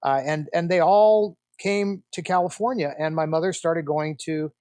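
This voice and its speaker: A man's voice: fairly high pitch, normal speed, no echo. A man in his sixties, a podcast guest who tells family stories and acts out the dialogue. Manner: animated storyteller, acts out quoted dialogue. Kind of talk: storytelling interview.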